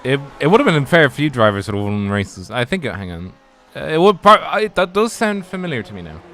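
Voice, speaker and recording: A man's voice: mid-range voice, sing-song, fast, a bit bright, a little hiss or hum. A man doing casual, rambling live sim racing commentary. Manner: rambling, chatty, lots of restarts. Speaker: race commentator.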